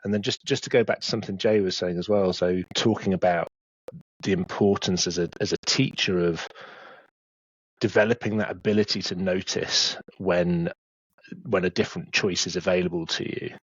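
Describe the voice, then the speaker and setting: A man, a maths educator, speaking in a measured, thoughtful way in a casual podcast discussion. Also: low voice, steady tone, breathy edge, no echo. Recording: dull, dry lo-fi sound.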